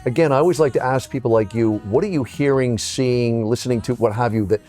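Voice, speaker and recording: A man in his fifties hosts an arts interview. He asks rambling, enthusiastic questions and keeps cutting into his own sentences. His voice has a middle pitch, and faint music plays behind him. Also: fast, dark tone. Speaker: arts show host.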